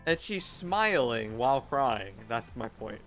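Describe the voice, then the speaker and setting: A man's voice: medium pitch, sing-song, takes it slowly, a bit bright, faint music behind. A man co-hosting a reaction show, casually but insistently arguing and explaining his reading of a scene. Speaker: co-host of a reaction channel.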